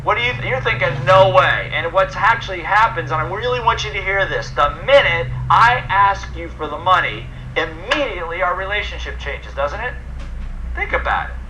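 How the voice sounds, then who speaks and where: A man's voice: high voice, animated, moderate pace, bright, forceful tone, slight background noise, poor audio. A man presenting a personal development program, talking emphatically and putting questions to his audience. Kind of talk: motivational seminar talk.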